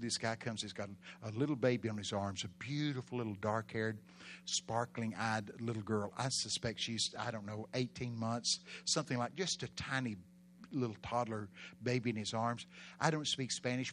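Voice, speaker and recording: A man with a Texan accent, preaching a sermon in a folksy storytelling way, with bursts of loud emphasis. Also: medium pitch. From Texas.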